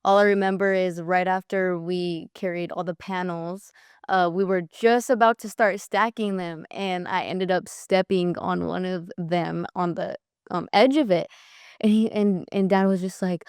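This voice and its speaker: A woman's voice: on the low side, fairly even intonation, measured pace, darkish tone, clear, resonant tone, no room sound, studio quality. A young woman talking with her father in a casual interview, telling stories in a chatty way and acting out what people said. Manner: chatty storyteller, acts out quotes, laughs often. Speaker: guest, daughter of the host.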